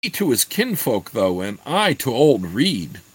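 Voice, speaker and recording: A man's voice: mid-range voice, very animated, unhurried, slightly rough, low-quality recording. A man reading aloud voices a tall, earnest apprentice boy who speaks plainly. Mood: confessing.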